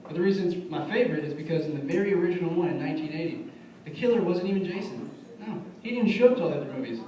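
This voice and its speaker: Here a young comic with a higher-leaning, mellow voice talks in an animated, rapid-fire way, loosely recounting stories and impersonating what his friends said. The set is at a bar music venue, captured by a distant room mic with echo, slight background noise and laughter from the crowd.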